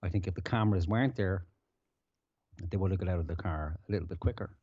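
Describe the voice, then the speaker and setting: A man's voice: low voice, fast talker, dry recording, dull audio. A man hosting a podcast, giving a casual, profane, ranting commentary full of swearing. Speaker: podcast host.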